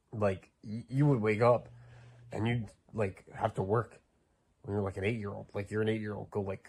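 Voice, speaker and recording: A man's voice: fairly low pitch, slightly rough. A man calling in to a podcast, giving a laid-back, rambling answer full of likes and ums. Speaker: caller. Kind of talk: casual phone-in take.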